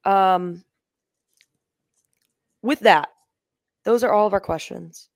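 A woman's voice: medium pitch, takes it slowly, vocal fry, no room sound, clean studio sound. A woman co-hosting a sports podcast, chatting casually and joking, with lots of ums and restarts. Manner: joking, rambling, frequent ums. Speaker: podcast co-host. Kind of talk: casual chat.

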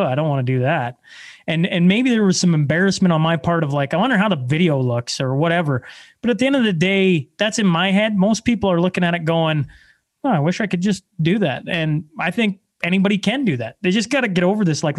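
A man in his thirties from Canada, a podcast guest telling stories in a blunt, energetic, self-deprecating way. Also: high-pitched. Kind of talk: casual conversation.

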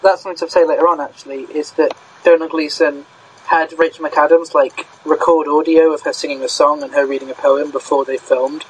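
A man's voice: fairly high pitch, little pitch movement, brisk, slight background noise, low-quality recording. A young man from Britain co-hosting a casual film discussion, chatty and thinking aloud with many fillers. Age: young adult. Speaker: podcast co-host.

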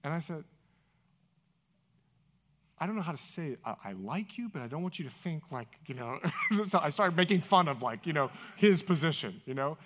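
A man preaching at a men's breakfast, telling a story with animated swings between loud bursts and hushed whispers. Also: a little high, normal speed. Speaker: pastor. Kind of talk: sermon storytelling.

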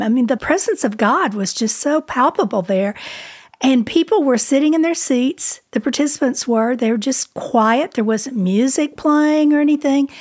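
A woman telling a personal story in a conversational, expressive way, as a co-host of a ministry talk. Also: high voice. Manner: conversational, expressive, drops to a whisper when quoting.

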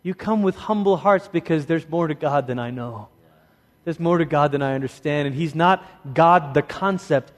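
A man preaching a sermon in a conversational, animated way, swinging between lively asides and hushed, emphatic lines. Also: on the high side, moderate pace. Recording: long hall reverb.

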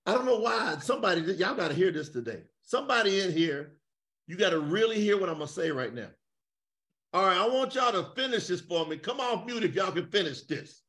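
A man preaches with fire over a video call, leaning on rhetorical questions and call-and-response. His voice sits high and bright and swings widely in pitch as he shouts his points. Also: animated, fairly quick. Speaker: preacher leading an online gathering.

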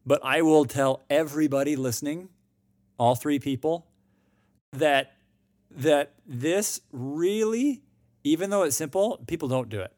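A man's voice: on the high side, unhurried, darkish tone, no room sound, clean studio sound. A man co-hosting a finance podcast in casual chat, rambling with restarts and emphatic asides. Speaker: podcast co-host. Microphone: new microphone.

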